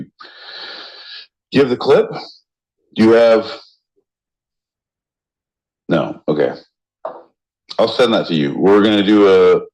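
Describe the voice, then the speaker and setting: A man co-hosting a podcast in casual banter, rowdy and joking, often jumping into loud mock voices. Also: sits low, muffled recording. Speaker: podcast co-host.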